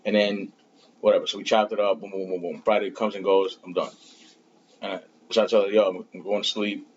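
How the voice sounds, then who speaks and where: A man co-hosting a podcast, telling a story in animated casual chat full of slang. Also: fairly low pitch, fairly quick. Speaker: podcast co-host. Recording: dull lo-fi audio with faint noise.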